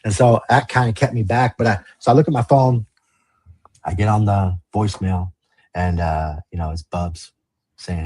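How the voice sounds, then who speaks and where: A man's voice: fairly low pitch, fairly even intonation, normal speed, a little mellow, breathy edge. A man telling his life story as a podcast guest, blunt and profane, acting out past conversations in quoted lines. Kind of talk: candid storytelling in a podcast interview.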